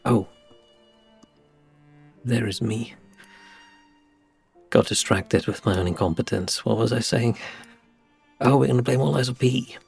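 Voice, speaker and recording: Slow, gravelly-voiced man streaming a game. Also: mid-range voice, steady tone, faint music behind. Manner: rambling, sighing, self-deprecating; soft, slightly mumbled delivery. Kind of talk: casual live-stream chat before gameplay. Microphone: desk microphone with compressor and equalizer.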